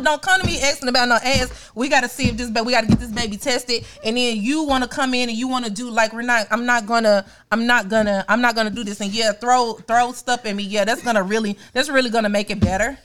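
A young woman rants her way through a casual podcast chat, her voice on the higher side. She gets animated as she acts out little scenes in exaggerated voices. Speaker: podcast co-host.

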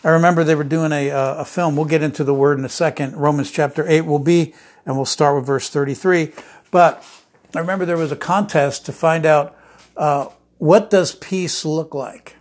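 A man's voice: fairly high pitch, fairly even intonation, normal speed. A man preaching a sermon, telling stories with many restarts and fillers, then building to emphatic declarations.

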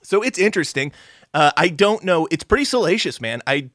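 A man's voice: fairly high pitch, lively intonation, brisk, fairly bright tone, dry recording, clean studio sound. Casual, joking podcast man. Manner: profane, joking, slips into mocking voices. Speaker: podcast co-host. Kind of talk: casual chat.

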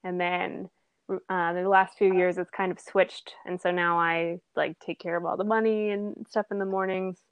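A woman's voice: fairly low pitch, moderate pace, clear, resonant tone, no room sound. Woman, young adult, casual chat, laughs a lot, dry close recording. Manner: laughs often, chatty and animated. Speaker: restaurant manager.

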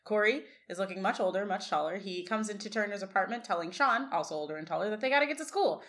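A woman co-hosting a podcast talks fast in a medium-pitched, slightly bright voice. She chats casually, recapping scenes, reading quotes aloud and using plenty of fillers.

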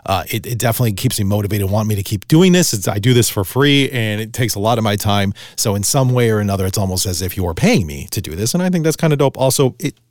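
A man's voice: on the low side, animated, quick pace, hardly any pauses, no echo, clean studio sound. A middle-aged man hosting a solo podcast, talking bluntly and ranting with lots of swearing. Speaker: podcast host.

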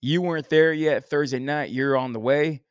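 A man's voice: on the high side, normal speed, clear, resonant tone, no echo. A man hosting a casual sports podcast, joking and rambling through banter with his co-host. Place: Texas.

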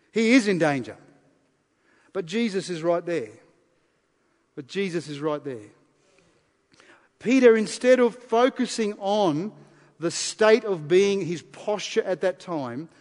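A man preaches to his congregation in a high, bright-toned voice. He leans hard on key phrases, repeats them, and drops from loud declarations to quiet asides. Long reverb from the big room trails after each line. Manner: emphatic, repeats key phrases, shifts between loud and soft. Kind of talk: sermon. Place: church service. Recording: long reverb of a large hall.

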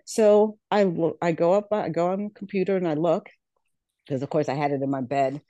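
A middle-aged woman recounts her own story as a podcast guest. She is earnest, repeats herself for emphasis, and slips into the voices of the people she quotes. Her tone is warm and mellow, and the recording is close and dry with no room sound. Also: fairly low pitch, steady tone, brisk, no echo, dull audio. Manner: earnest, repeats words, acts out quoted dialogue. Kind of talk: personal storytelling in an interview.

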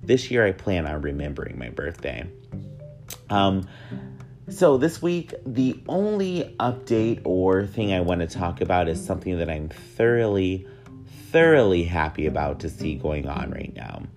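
A man's voice: low voice, big pitch swings, measured pace, a little mellow, soft background music. A man in his thirties with a nasal voice, hosting a casual solo podcast in a joking, rambling way that often mocks himself. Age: 30s. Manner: joking, rambling, self-mocking. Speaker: podcast host.

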